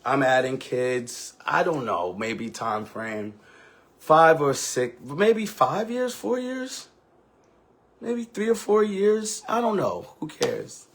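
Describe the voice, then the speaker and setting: A man's voice: on the high side, very animated, slow pace, slight background noise. A man who is a ballroom house mother, telling an emotional, candid and profane story on a live stream with sassy, dramatic delivery.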